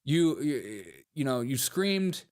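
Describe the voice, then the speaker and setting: A man hosting a casual livestream, reacting to comments and clips in a sarcastic, mocking and animated way. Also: a little high, takes it slowly.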